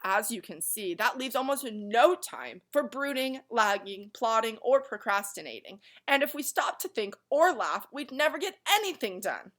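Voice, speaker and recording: A woman's voice: on the high side, big pitch swings, normal speed, few pauses, fairly bright tone. A woman voicing a lazy, drawling male Lethargarian who loves doing nothing, in a storybook reading.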